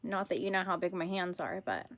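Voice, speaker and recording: A woman's voice: fairly low pitch, expressive, a little fast, a bit bright. A young woman from California with a Californian accent, hosting a casual crochet livestream, chatting bubbly with viewers and laughing often. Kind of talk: casual live-stream chat with viewers.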